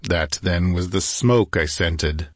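A man voicing a grim wandering swordsman who speaks softly and slowly. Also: low voice, no room sound, clean studio sound. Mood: gentle. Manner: soft, soothing, muttered. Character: grim wandering swordsman, gentle yet cold.

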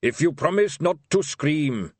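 A coarse barbarian kidnapper, half coaxing, half bullying, put on by a man narrating. He speaks slowly and heavily, in a lifted voice. His threats come out plain and rough. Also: a little high, lively intonation, no room sound, pitched above the performer's own voice.

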